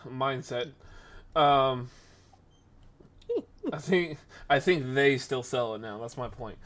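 A man casually telling a rambling workplace story, animated and acting out the voices of the people in it. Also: medium pitch, slow pace.

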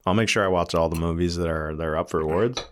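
A man's voice: sits low, fast, fairly bright tone, slight background noise. A man co-hosting a casual podcast, laid-back and laughing easily, swearing casually while eating pizza. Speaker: podcast co-host.

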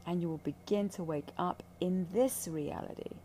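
A woman speaks about spiritual healing in a lowish, mellow voice. She is blunt and intense, swears freely, and has a faint hum behind her. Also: moderate pace. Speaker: ayahuasca ceremony guide. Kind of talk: candid spiritual talk.

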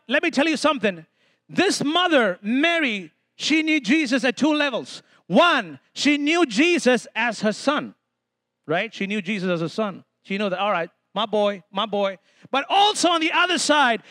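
A man's voice: very high-pitched, bright, forceful tone, no room sound. A man from India preaching a sermon and calling out for responses from the congregation. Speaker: pastor.

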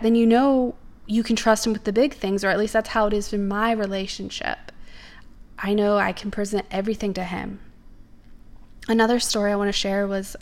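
A young woman, telling personal faith stories in an earnest, emphatic way. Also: medium pitch.

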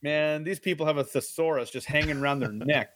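A man's voice: fairly high pitch, a little fast, fairly bright tone. A man co-hosting a live stream, reading an adventure book aloud with jokey, playful asides. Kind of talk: casual live-stream read-along.

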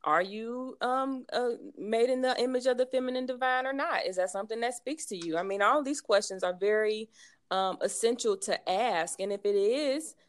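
A woman's voice: a little high, moderate pace, smooth. A woman hosting a podcast, talking reflectively about healing and the law of attraction. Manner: reflective, spiritual talk. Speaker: podcast host. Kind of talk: podcast conversation.

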